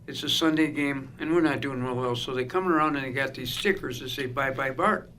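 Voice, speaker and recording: A man's voice: medium pitch, fairly quick, a little hiss or hum. A middle-aged man, telling stories in casual conversation and acting out the other people's lines. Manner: animated storyteller acting out quoted voices. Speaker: guest. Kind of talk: casual storytelling.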